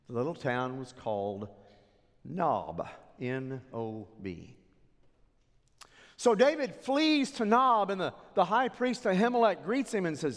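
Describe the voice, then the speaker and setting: A man preaching a sermon, retelling a story with animated delivery and dramatic drops to near whispers. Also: medium pitch, big-room sound.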